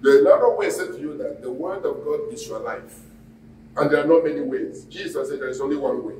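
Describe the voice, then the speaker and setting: A man's voice: on the high side, a little fast, a little mellow, a little hiss or hum. A man, a pastor preaching a sermon and quizzing the congregation in call-and-response. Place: church hall. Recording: echoey hall, mic at a distance.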